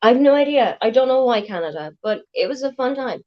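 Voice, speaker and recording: A woman's voice: on the high side, lively intonation, quick pace, lo-fi sound. A woman from Waterford with an Irish accent, chatting casually with dry, wry humor. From Ireland. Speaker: guest co-host. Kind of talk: casual chat on a video call.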